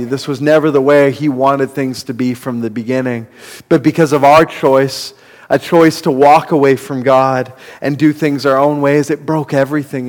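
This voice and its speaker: A man preaching a sermon as a pastor, earnest and building to impassioned emphasis. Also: mid-range voice. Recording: long reverb of a hall.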